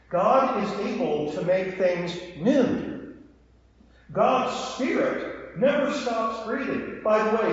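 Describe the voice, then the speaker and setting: High-voiced pastor in an echoey hall. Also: male voice, slight background noise. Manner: animated storytelling with acted dialogue asides. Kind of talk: sermon. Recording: echoey hall, dull lo-fi sound.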